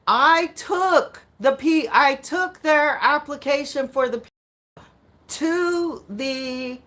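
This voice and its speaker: A woman telling viewers an animated, indignant story about her court case, acting out the exchanges and swearing now and then. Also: high voice.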